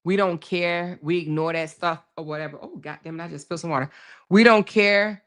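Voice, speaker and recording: A woman hosting a casual livestream, reading viewer comments aloud, laughing often and talking loud and profane. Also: on the low side, fairly quick, smooth. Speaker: livestream host.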